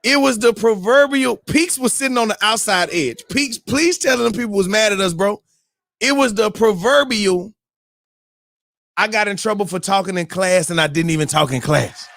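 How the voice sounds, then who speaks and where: A man hosting a morning show, telling a story in a loose, animated way, whooping and mimicking crowd voices. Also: sits high, moderate pace, gravelly, dry recording, studio quality. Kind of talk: casual storytelling.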